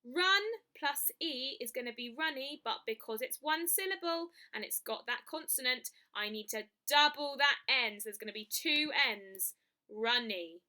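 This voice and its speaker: A young woman teaching children a spelling lesson, chanting the rules slowly and with emphasis. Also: sits high, expressive, sharp tone. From England. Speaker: primary school teacher.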